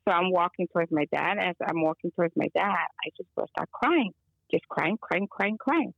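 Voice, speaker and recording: A woman's voice: on the low side, animated, moderate pace, creaky, no echo, lo-fi sound. A woman guest on a call, telling a long story casually with many fillers and Spanish phrases mixed in. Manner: rambling, filler-heavy, mixes in Spanish phrases. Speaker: guest caller. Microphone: phone or video call.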